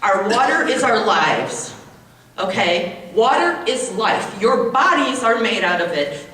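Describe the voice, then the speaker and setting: In a large public meeting hall, a US woman in her forties speaks slowly with a mid-range, slightly bright voice and big pitch swings. Her public comment at the hearing is emotional and indignant, with repeated points, captured on a distant mic amid echo and faint noise.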